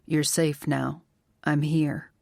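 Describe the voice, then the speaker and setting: Audiobook hero, protective man, gentle yet firm, slightly lower, read by a woman. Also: flat delivery, takes it slowly, creaky, no room sound, heavily acted. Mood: reassuring. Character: protective male bodyguard, gentle but firm.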